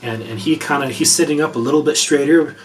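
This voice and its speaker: A man narrating a tabletop game as game master, often halting and repeating words. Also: a little high, soft background music.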